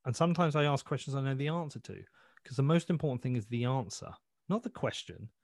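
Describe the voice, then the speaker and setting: A man's voice: medium pitch, expressive, fast talker, darkish tone, no room sound, studio quality. A man talking as a podcast guest in a blunt, sweary, rambling way, often restarting his sentences. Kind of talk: casual interview chat.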